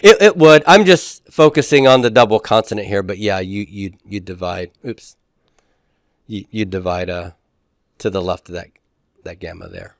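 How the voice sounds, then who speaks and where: In a studio-quality recording with no echo, a man teaches Greek, walking his class through pronunciation and syllable division one step at a time. He checks in with them often, his fairly low voice carrying lively intonation at a moderate pace.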